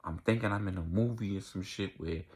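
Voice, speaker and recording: A man's voice: low voice, a little fast, a little mellow, slightly rough. A young man telling a casual storytime vlog, acting out the voices of people in his story.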